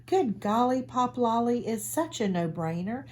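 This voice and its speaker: A woman's voice: fairly high pitch, expressive, measured pace, darkish tone, slight background noise, voice pushed up. A woman voicing a fussy, dramatic mother cat in a picture book, speaking emphatically. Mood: emphatic. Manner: emphatic, theatrical.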